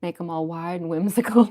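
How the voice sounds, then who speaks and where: A giggly woman chats through a relaxed livestream, answering viewer comments as they come in. Her voice sits fairly low and carries a gravelly fry at the ends of her phrases. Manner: chatty, giggly, reads chat comments aloud. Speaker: cosplayer livestreamer. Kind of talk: casual livestream chat.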